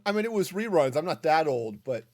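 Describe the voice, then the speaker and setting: Casual game streamer, mid pitch, very animated intonation, muses aloud and answers chat. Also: a little fast. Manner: chatty, thinking aloud, reading chat. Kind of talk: casual gaming stream commentary.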